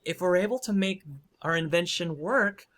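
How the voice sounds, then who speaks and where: A man's voice: sits high, normal speed, a bit bright, voice pushed up. A man voicing a cheerful, clever young female dwarf inventor who talks in a bubbly, flustered way.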